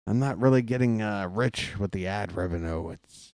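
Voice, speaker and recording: A man with a low, smooth voice calls a ball game in a loose, joking way, drifting off into asides to his viewers. The sound is close and dry, with no room around it. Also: normal speed, darkish tone, no room sound. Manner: rambling, jokey, talks to chat viewers. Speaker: play-by-play streamer. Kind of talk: casual baseball commentary with chat.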